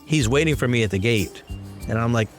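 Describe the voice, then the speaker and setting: Storyteller, male, lively retelling with acted-out lines, music bed underneath. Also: medium pitch, a little fast. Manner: animated, acts out quoted dialogue. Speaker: storyteller guest. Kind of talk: casual first-person storytelling.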